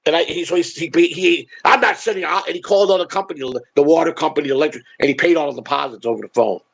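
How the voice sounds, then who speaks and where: Older storyteller, gravelly and husky, profane and rambling. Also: male voice, a little high, racing, a bit bright, poor audio. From Chicago. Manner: rambling, profane, repeats words. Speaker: show host telling stories. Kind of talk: casual storytelling chat.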